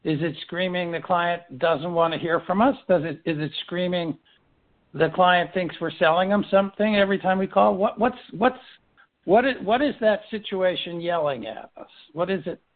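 Heard on a tinny phone connection, his voice sits high and moves at a moderate pace. The man is a firm leader steering a business team meeting, coaching through rhetorical questions with many restarts.

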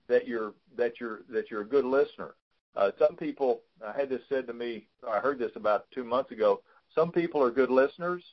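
A man's voice: medium pitch, lo-fi sound. A man coaching a client on a call, giving frank, fatherly advice and often repeating words as he talks. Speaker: business consultant.

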